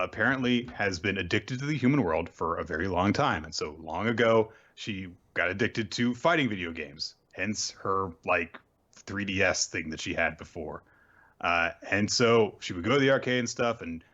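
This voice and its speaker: A man's voice: fairly low pitch, fairly bright tone, muffled recording. A man hosting a casual recap show, talking in an offhand, wry and profane way with plenty of fillers. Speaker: host of a manga recap show.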